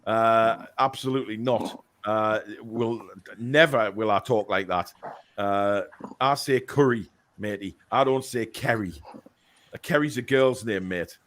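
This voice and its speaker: A man's voice: fairly low pitch, unhurried, a bit bright. Man, host, casual banter, jokey, reads viewer comments. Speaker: show host. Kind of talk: casual online panel chat.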